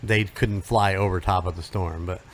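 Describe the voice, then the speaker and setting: A man chatting easily in a podcast conversation, agreeable and relaxed. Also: sits low, normal speed. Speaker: guest. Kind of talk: casual chat.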